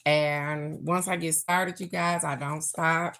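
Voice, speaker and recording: A woman's voice: sits low, fairly even intonation, slow pace, noisy background. Chatty middle-aged woman reading cards. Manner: chatty, talks straight to viewers, blunt and affectionate. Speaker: oracle card reader. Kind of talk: casual live-stream card reading.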